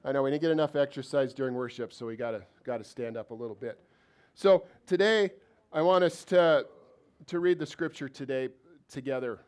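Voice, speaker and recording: A man's voice: medium pitch, fairly quick, darkish tone. A man preaching a sermon as pastor of a church, talking in a conversational way and asking the congregation many questions.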